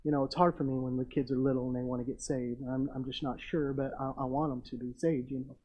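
Husky pastor preaching. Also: male voice, medium pitch, level tone, quick pace, dull audio. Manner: storytelling, swings from hushed to emphatic. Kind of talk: sermon.

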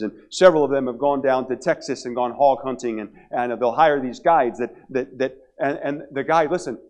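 A middle-aged man preaching at a church revival service, animated, acting out little quotes and calling out to the congregation. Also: medium pitch. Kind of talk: revival sermon.

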